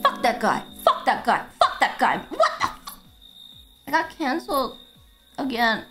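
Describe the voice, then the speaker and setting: Young woman, game streamer, casual chat, excitable, swearing, stammering, very high bright voice. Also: a little slow, faint music behind.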